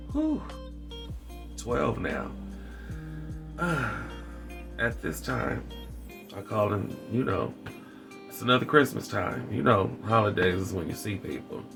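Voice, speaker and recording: Gravelly-voiced guy rambling through his own story on his vlog, dark humor, repeats himself. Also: lowish voice, very animated, takes it slowly, pauses often. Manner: candid, wry dark humor. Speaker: vlogger. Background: background music.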